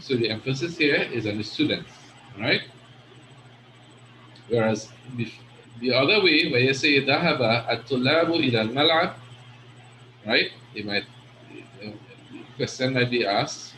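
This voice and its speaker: Male Arabic teacher, patient explainer, mid-pitched voice, echoey room with faint background noise. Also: moderate pace, pauses often, sharp tone. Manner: patient, explanatory, frequent "right?" checks. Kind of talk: online class lesson.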